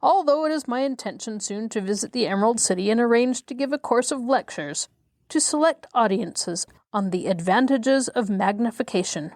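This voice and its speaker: A woman doing a pompous, learned insect gentleman. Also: on the high side, lively intonation, moderate pace, no echo, clean studio sound. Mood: courtly. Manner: long-winded and self-satisfied. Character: pompous learned male giant insect professor.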